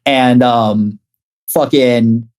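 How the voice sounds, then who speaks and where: A man's voice: medium pitch, fairly even intonation, very slow, a little mellow. A man, a guest music producer and artist, chatting casually on a podcast, rambling through stories with lots of filler words and plenty of swearing.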